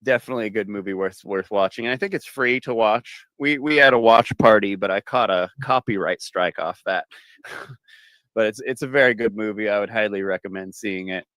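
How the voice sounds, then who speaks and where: A man hosting a livestream on a video call, chatting in a relaxed, conversational way with frequent "um"s. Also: lowish voice, a little fast, no room sound, rough recording. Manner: relaxed, conversational, with "um" and repeated words. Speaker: livestream host. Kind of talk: casual chat.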